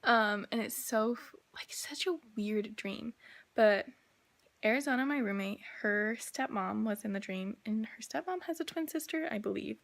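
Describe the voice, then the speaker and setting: A woman's voice: on the high side, moderate pace, gravelly. Rambling young woman vlogger. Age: young adult. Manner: rambling, heavy on filler words. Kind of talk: casual storytelling.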